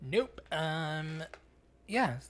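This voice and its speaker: Male podcast co-host, slightly high voice, swears freely, animated storyteller. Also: extremely slow, a little hiss or hum. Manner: profane, animated storytelling, acts out quotes. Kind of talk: casual podcast chat.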